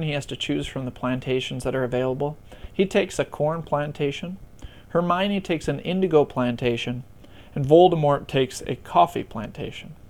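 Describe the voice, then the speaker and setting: Easygoing man explaining game rules. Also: a little high. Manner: relaxed, conversational, self-deprecating humor. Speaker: board game tutorial presenter.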